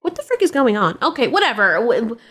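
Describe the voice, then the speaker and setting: A woman's voice: fairly high pitch, very animated, quick pace, fairly bright tone. A woman giving blunt, sarcastic commentary, often laughing as she talks. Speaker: commentary host. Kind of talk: opinionated commentary.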